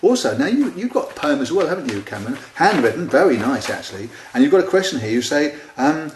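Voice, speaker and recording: A man's voice: on the high side, big pitch swings, quick pace, slight background noise. A man, an author replying chattily to readers' letters, naming each one and reading out their lines. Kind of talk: casual spoken replies to letters. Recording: roomy echo.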